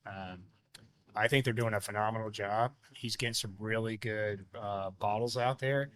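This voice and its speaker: A man's voice: on the low side, moderate pace. Man chatting casually about whiskey. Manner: relaxed, rambling, many ums. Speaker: podcast co-host. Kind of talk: casual chat.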